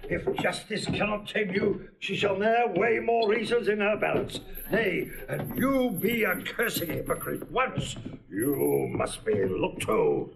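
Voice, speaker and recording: A man playing a slow gravelly constable, pompous and bumbling. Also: high voice, sing-song, a crowd in the background, heavily acted, poor audio. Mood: scolding. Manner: slow, self-important, mangled logic. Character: pompous bumbling middle-aged male constable. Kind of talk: stage play recording.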